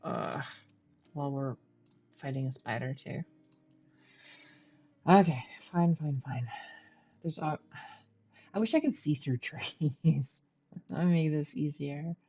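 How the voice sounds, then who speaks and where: A woman's voice: deep voice, lively intonation, takes it slowly, long pauses, warm tone, husky, muffled recording. A woman streaming a game, chatting and thinking aloud as she plays and talks to her viewers. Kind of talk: live gameplay commentary.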